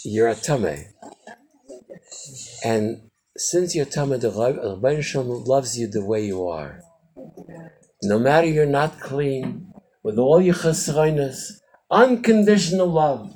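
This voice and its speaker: An older man giving an informal Chassidic teaching to a small group, telling stories animatedly and swinging from loud exclamations to quiet asides. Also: a little hiss or hum, poor audio. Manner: animated storyteller, quick shifts from loud exclamations to low asides.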